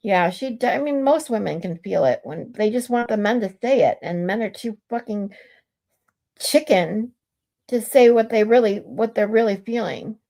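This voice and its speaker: A woman hosts a casual live stream at an ordinary middle pitch, talking bluntly and swearing freely. She restarts her sentences often as she reads text messages aloud and talks them over with her viewers. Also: moderate pace, creaky, mellow. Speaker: livestream host.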